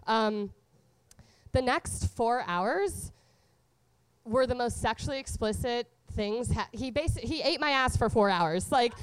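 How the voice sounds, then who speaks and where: A woman's voice: fairly high pitch, clear, resonant tone, dry recording. A young woman telling a candid, profane comedy story, full of "like" fillers. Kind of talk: stand-up storytelling.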